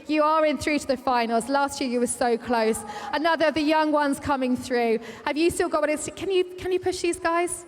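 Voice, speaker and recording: Bubbly high-voiced woman reporter. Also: moderate pace, hardly any pauses. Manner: bubbly, teasing. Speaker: trackside reporter. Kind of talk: sports interview. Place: indoor arena. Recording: reverberant arena.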